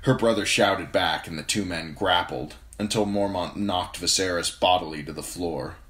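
A man reading a fantasy novel aloud as an amateur audiobook narrator, steady and even. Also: deep voice, normal speed.

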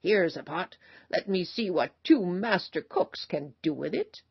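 Storybook role: a round man who loves food, voiced by a woman, low and easygoing, dull recording. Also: animated, unhurried, gravelly, breathy edge, no echo, exaggerated voice. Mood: amused. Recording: slightly dull recording, faint noise.

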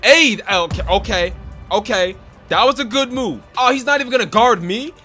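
Young male gaming creator, high-pitched and punchy, excitable play-by-play commentary. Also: faint music behind. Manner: hyped, excitable trash talk with quick repeated exclamations. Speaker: gaming YouTuber. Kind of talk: gameplay commentary.

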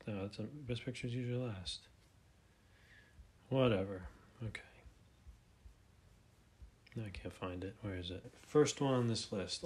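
Low-voiced man rambling through his thoughts. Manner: rambling, hesitant, thinks aloud with many fillers and restarts; reads plot summaries aloud, then comments. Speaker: YouTube movie commentator. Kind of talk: casual off-the-cuff commentary while browsing a website. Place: room at home, at a desk chair.

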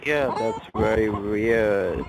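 A man working as a scam call center agent who answers calmly and keeps asking questions. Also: lowish voice, slow, background noise. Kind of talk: phone call.

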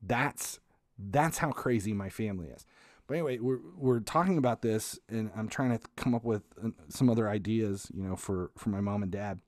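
A man hosting a podcast, telling a comic family story in a casual, animated way, swearing, restarting sentences and laughing as he goes. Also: on the low side, moderate pace, no room sound, clean studio sound. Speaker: podcast host.

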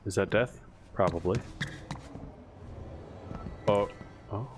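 A man giving casual let's play commentary, full of excited exclamations and chuckles. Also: lowish voice, takes it slowly, background noise.

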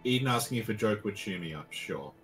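A man's voice: lowish voice, brisk, soft background music, low-quality recording. Laid-back man rambling on a game stream. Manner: relaxed, rambling with many fillers; dry, self-mocking humor. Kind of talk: casual stream chat.

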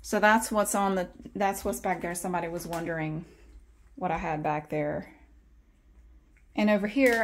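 A woman's voice: lowish voice, moderate pace, long pauses. A woman chatting casually in a home vlog, switching into sing-song baby talk when she speaks to her cats. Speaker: vlogger. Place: at home, in a bathroom.

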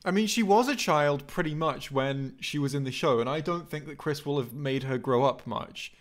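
A man's voice: on the high side, normal speed. A man co-hosting a podcast in casual chat, rambling and blunt, swearing now and then. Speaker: podcast co-host.

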